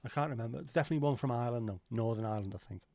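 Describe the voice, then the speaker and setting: A man's voice: medium pitch, racing, mellow, dry recording. A middle-aged man hosting a casual livestream, rambling, swearing now and then and answering chat comments. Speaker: livestream host.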